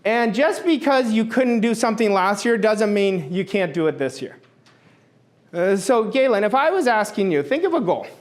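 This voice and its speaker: A man's voice: high-pitched, expressive, normal speed. A middle-aged man giving an emphatic motivational talk as a coach, repeating his key phrases for force.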